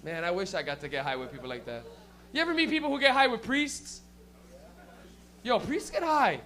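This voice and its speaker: A man's voice: high voice, lively intonation, fairly quick, pushed and bright. A young man doing stand-up, loose and profane, working and teasing the crowd. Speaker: stand-up comedian.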